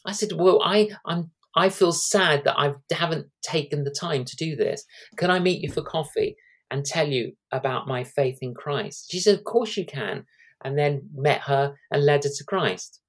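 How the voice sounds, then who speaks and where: A man in his sixties, an evangelist, telling lively anecdotes as a guest in an interview, acting out the quotes. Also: on the high side, moderate pace. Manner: animated anecdotes with acted-out quotes.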